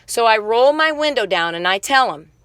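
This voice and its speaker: Angry woman vlogger with a sharp tone and a dry sound, cursing through a quick rant. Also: fairly high pitch, expressive, clean tone, no room sound. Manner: heated, swearing, quick angry storytelling. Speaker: vlogger telling her own story. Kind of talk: casual spoken monologue.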